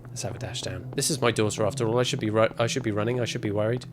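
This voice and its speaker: A man's voice: lowish voice, steady tone, very fast, music in the background. Chatty man streaming a game. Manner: chatty and rambling, self-mocking asides. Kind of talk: casual gameplay commentary.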